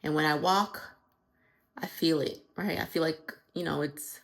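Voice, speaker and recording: A woman records a casual video diary while out of breath, her words coming slowly and haltingly. Her voice sits low with a gravelly fry, and it often sinks toward a whisper as she runs out of air. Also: fairly even intonation, fairly bright tone. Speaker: vlogger.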